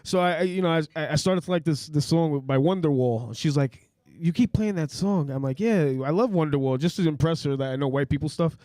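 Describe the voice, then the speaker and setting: Brief: man, mumbly stand-up comic, dry close sound, slightly high voice. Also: fairly quick, few pauses, a little mellow, no room sound. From Puerto Rico. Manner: mumbling, rambling delivery. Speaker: comedian at an open mic. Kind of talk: stand-up set.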